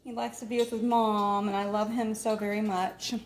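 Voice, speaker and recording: Recorded from a distance in an echoey home kitchen with faint noise, this home cook runs a laid-back cooking vlog, talking and wandering off topic with frequent laughter. She speaks quickly at a medium pitch, though her delivery is flat.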